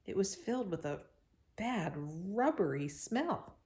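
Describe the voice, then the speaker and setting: A woman reading a chapter book aloud to children, expressive and breaking off for chatty asides to them. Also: mid-range voice, slow.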